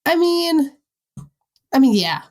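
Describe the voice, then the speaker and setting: A woman with a Long Island New York accent, co-hosting a casual podcast chat in an animated, chatty way. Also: high-pitched, slow pace. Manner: chatty, animated, laughs easily. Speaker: podcast co-host.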